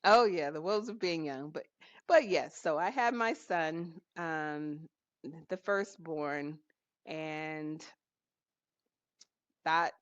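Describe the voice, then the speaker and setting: A woman's voice: deep voice, slow, long pauses, no echo. A middle-aged woman co-hosting a podcast, bantering in a casual, emphatic way with laughter. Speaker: podcast co-host. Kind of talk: casual chat. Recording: dull lo-fi dry sound.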